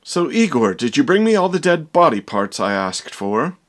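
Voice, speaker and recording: A man's voice: on the high side, sing-song, normal speed, over loud music. A man doing a theatrical young mad doctor. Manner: theatrical, exaggerated delivery. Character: young male doctor, dramatic, vain, slightly pompous. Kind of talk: comedy parody voice acting.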